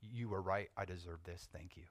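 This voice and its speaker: A young man preaching, telling a personal testimony with animated storytelling that swings from hushed to loud. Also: low-pitched, fairly quick, no echo. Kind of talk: testimony sermon.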